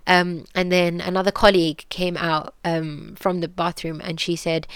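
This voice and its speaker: Young british woman sharing her story, lowish voice, smooth, dry sound, lots of ums. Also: little pitch movement, moderate pace, hardly any pauses, dry recording. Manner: candid, earnest, many fillers and restarts. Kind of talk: personal storytelling.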